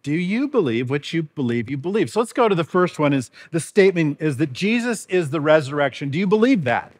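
A man's voice: fairly high pitch, sing-song, fairly quick. A man preaching a sermon in a church, earnest and conversational, asking the congregation rhetorical questions. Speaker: pastor.

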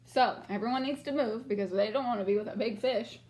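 A woman's voice: on the high side, fairly quick, darkish tone, slight background noise. A woman teacher reading a picture book aloud to children and asking them questions in an encouraging way.

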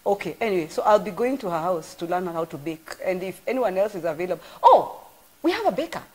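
Lively husky woman preacher. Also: fairly low pitch, fast talker. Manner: animated storyteller with exclamations. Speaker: church apostle. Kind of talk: informal live-streamed sermon.

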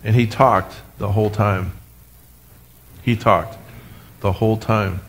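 A man preaching a sermon as pastor, animated, with humorous asides, speaking to his congregation and online viewers. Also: lowish voice, slow pace, a little hiss or hum. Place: church sanctuary, recorded for live stream.

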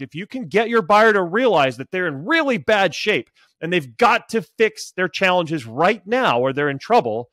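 Middle-aged male sales coach, energetic podcast guest, slightly higher voice, dry close mic. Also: dry recording. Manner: energetic, animated, acts out buyers' lines. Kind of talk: podcast interview, storytelling advice.

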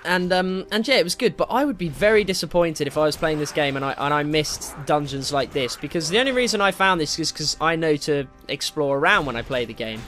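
Excitable man commentating his gameplay. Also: a little high, fairly quick, few pauses, soft background music. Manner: excitable, swears and taunts enemies.

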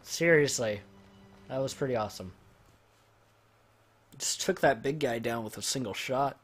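A man giving jokey gameplay commentary, swinging from loud excited outbursts to quiet muttering. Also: mid-range voice, moderate pace, husky. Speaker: let's play gamer.

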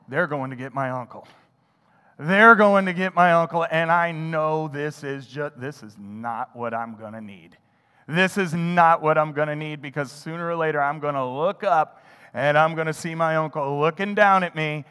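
A man preaching a sermon, telling a childhood story with animated delivery and acting out his own thoughts. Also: a little high, moderate pace, clear, resonant tone, long reverb tail. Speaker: pastor. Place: church sanctuary.

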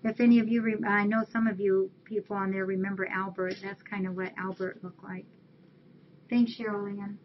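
A woman chats casually on a webcam stream, reading holiday cards aloud and thanking viewers one by one. The audio is dull and lo-fi. Faint background noise sits under her mid-pitched voice. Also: little pitch movement, moderate pace. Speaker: shelter webcam host.

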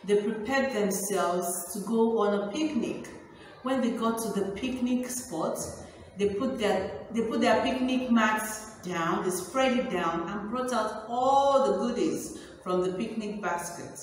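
A woman teaching a phonics lesson to small children, speaking in a slow, exaggerated, sing-song, encouraging way. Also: medium pitch, slight background noise. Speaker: pre-nursery teacher. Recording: echoey room from far off.

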